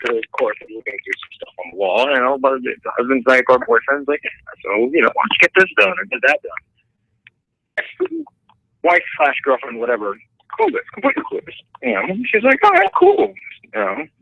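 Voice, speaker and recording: A middle-aged man, a tattoo artist, telling a story in casual podcast talk, animated and profane, acting out the people in it. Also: medium pitch, no echo, highs cut off. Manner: animated, profane, acts out voices in stories.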